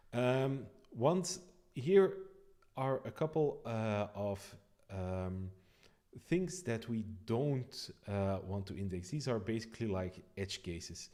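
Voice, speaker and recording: A man explaining his code on a live stream, thinking aloud with frequent pauses and restarts. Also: on the low side, mellow. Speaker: developer streaming a code walkthrough.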